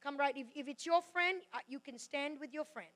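A woman preaching a sermon in a church hall, loud and fervent, with quick asides and restarts. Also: high-pitched.

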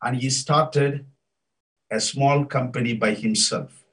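A man preaching a sermon, emphatic and rising to loud declarations. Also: medium pitch, fairly even intonation, slow pace, recorded from a distance, rough recording.

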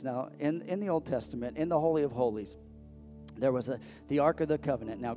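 A man's voice: medium pitch, dark tone. A man preaching a sermon as pastor, talking conversationally and breaking into sudden emphatic rises.

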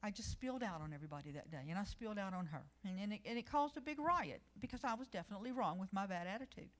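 A middle-aged woman delivers a sermon in a voice of middling pitch. She tells her own stories in a conversational way and grows louder and more emphatic when she reads scripture. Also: rapid-fire. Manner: personal stories, lively and emphatic, rising loud when reading scripture. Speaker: preacher.

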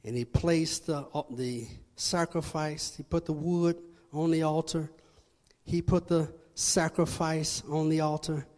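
A man, a church elder, preaching a sermon with fervent, dramatic swings in loudness. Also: a little high, steady tone, a little slow. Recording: long reverb of a large hall.

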